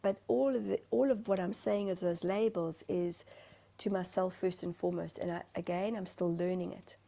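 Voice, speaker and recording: Gravelly-voiced woman, talkative. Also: lowish voice, steady tone, moderate pace, dark tone. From South Africa. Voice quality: talkative, self-described motor mouth. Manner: emotional, rambling storytelling. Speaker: guest, spiritual medium. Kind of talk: candid interview conversation.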